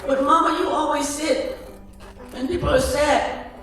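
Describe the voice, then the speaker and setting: A man's voice: very high voice, steady tone, a little slow, fairly bright tone, voice pushed up, exaggerated voice. A man voicing a curious, kind-hearted little girl who asks earnest questions. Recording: echoey hall from far off, faint music.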